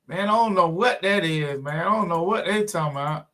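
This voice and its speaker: A man's voice: sits high, a little fast, a bit bright. A man hosting a live car stream, chatting casually with viewers in a laid-back way. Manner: laid-back, talks to viewers, fills with "man" and "you know what I'm saying".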